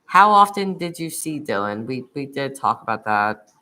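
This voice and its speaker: A woman hosting an interview, careful and hesitant, speaking softly. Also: rumbling low, big pitch swings, normal speed. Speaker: podcast host. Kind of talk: interview on a live stream.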